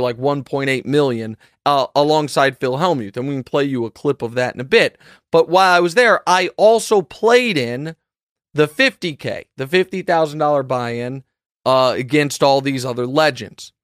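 A man hosting a sports podcast, talking in an animated, emphatic monologue full of quick asides and restarts. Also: fairly high pitch, clean tone, no room sound, studio quality. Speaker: sports show host. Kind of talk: casual monologue.

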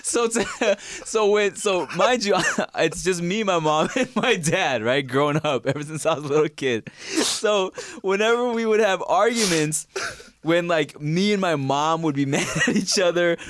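A man co-hosting a podcast in casual chat, animated and laughing often. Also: high-pitched, a little slow. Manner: animated, laughs a lot, shouts "no!" while guessing. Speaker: podcast co-host.

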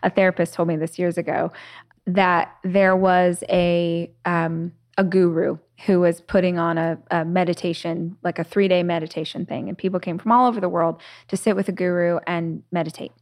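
A woman hosting a podcast, her voice sitting a little low for a woman. She talks in a relaxed, reflective way and slips into storytelling, with lots of casual fillers along the way. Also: normal speed. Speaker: podcast host.

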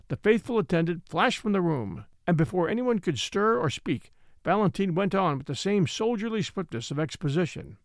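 A man's voice: high voice, big pitch swings, normal speed, dry recording, clean studio sound. A man reading a classic mystery aloud as an audiobook narrator, shifting his voice for each character.

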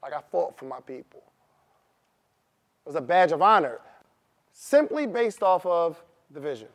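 A motivational speaker with a highish, very animated voice talks at a moderate pace to a live audience in a room. He asks them questions and repeats his key points.

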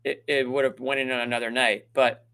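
A man's voice: medium pitch, level tone, brisk, vocal fry, bright, forceful tone, clean tone. A man co-hosting a postgame sports show, talking emphatically and venting his frustration about the game. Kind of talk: sports postgame analysis chat.

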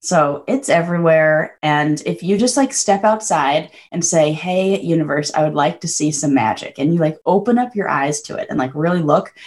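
A woman's voice: deep voice, animated, normal speed, hardly any pauses, darkish tone. A young adult woman chatting as a guest, bubbly and effusive, with lots of fillers. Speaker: podcast guest. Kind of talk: casual chat.

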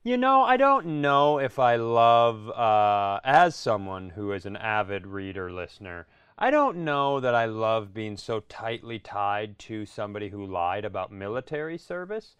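Smooth-voiced man, rambling questions. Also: fairly low pitch, sing-song, fairly bright tone, no echo. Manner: rambling halting questions with restarts. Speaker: podcast co-host. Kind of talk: casual comedic chat.

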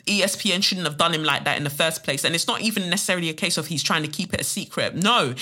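A woman's voice: on the low side, bright, forceful tone. A woman hosting her own podcast, talking bluntly with emphatic rises and frequent swearing. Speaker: podcast host. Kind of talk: solo podcast commentary.

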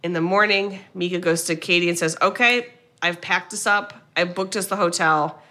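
Chatting casually on a podcast she co-hosts, a woman walks through a film's story with plenty of animation, doing the characters' lines and dropping the odd curse word. Her voice sits on the low side and her pace is ordinary.

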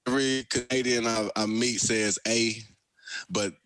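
A man's voice: medium pitch, unhurried, dry recording. A young man with a Southern American accent, a pro football player telling stories as a guest in a casual radio interview. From Alabama, USA. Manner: animated storyteller, folksy.

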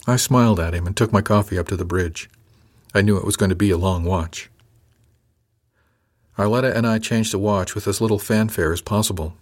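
A man narrates a first-person audiobook in an even, matter-of-fact manner. His voice sits on the low side. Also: a little fast, husky.

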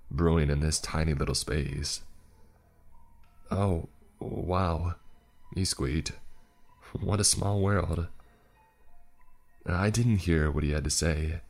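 Very deep, slow male storyteller. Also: a little mellow. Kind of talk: first-person story narration.

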